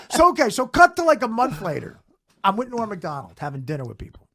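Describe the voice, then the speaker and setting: A man with a gravelly, bright, forceful voice tells a crude comic anecdote. His delivery is animated, with the pitch rising and falling widely. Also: quick pace. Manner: profane, animated storytelling. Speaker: comedian telling a story.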